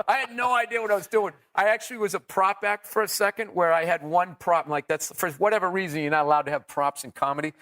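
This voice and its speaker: A man, a comedian guest in an interview, telling profane, animated stories and acting out quotes. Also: high voice, quick pace, few pauses. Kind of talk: storytelling interview.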